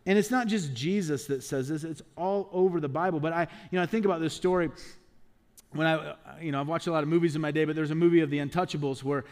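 Man, pastor, sermon, slightly high-pitched, emphatic, rhetorical questions. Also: fast. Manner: emphatic preaching with rhetorical questions and acted-out quotes.

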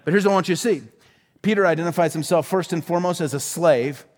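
A male pastor delivers a sermon in a fervent, emphatic way, stacking repeated phrases for force. His voice sits high for a man, and it rings out with the long reverb of a large hall. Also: fast talker.

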